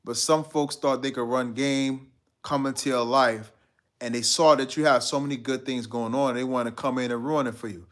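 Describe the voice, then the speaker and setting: A man's voice: mid-range voice, steady tone, normal speed. A man hosting a live stream, chatting casually and reading out viewer comments in a laid-back, slangy way. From United States.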